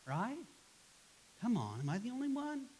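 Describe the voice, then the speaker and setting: A man's voice: very high voice, huge pitch swings, normal speed, a little mellow, slightly rough. A man preaching a sermon as pastor in a church, casual and conversational, acting out grumbling replies to make his points. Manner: conversational, acts out quoted voices with a sigh and grumble.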